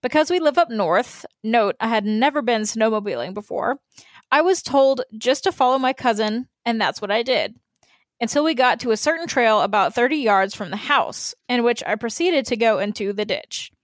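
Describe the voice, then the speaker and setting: A woman's voice: fairly high pitch, expressive, normal speed, no echo. A woman co-hosting a podcast, chatting casually and reading listener emails aloud in an easygoing, slightly hesitant way. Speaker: podcast co-host.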